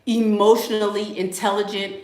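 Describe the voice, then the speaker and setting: Her voice is medium-pitched and reverberant, at normal speed. On a casual livestream, the young host reads donations aloud and talks with emphatic animation, going over her points repeatedly and dropping Southern slang like "y'all" a lot.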